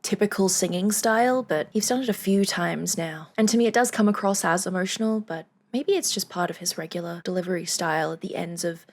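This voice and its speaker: A woman's voice: lowish voice, fairly quick, few pauses. A woman vocal coach giving casual reaction commentary on a song, chatty and thinking aloud with small laughs.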